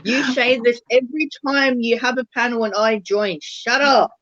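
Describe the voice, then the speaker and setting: A man's voice: very high-pitched, fairly even intonation, bright, forceful tone. Teasing man on dull lo-fi audio. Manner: teasing, jokey, quick to butt in. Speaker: co-host. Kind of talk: casual banter.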